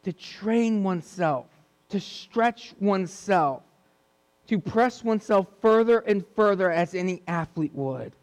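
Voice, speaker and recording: A man with a high voice preaches an earnest sermon. He repeats key points to drive them home. His voice rings out with a long reverb, as in a church hall. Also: lively intonation, measured pace.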